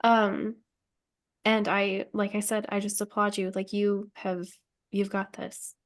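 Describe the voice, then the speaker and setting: A woman's voice: medium pitch, little pitch movement, slow pace. A woman in a group conversation speaking in an affirming, chatty way, with a lot of "like" in her speech.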